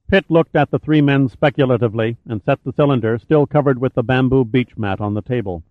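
A man's voice: medium pitch, fairly quick, few pauses, no room sound. Man narrating an audiobook over tinny sound. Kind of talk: scripted narration.

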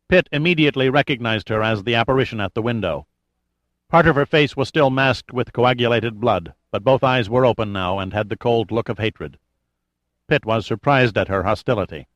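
A man reading an audiobook in a measured, even storytelling manner. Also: mid-range voice, no echo, highs cut off. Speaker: audiobook narrator. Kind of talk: scripted narration.

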